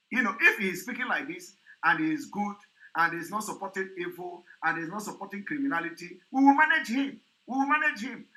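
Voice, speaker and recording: A man's voice: high voice, sharp tone, poor audio. A man giving a repetitive, mocking commentary on an interview. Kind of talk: commentary vlog.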